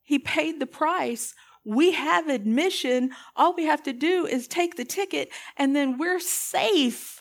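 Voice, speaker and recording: A woman's voice: sits high, slow, gravelly, few pauses. A woman preaching a sermon in an earnest, impassioned way, putting pointed questions to her listeners.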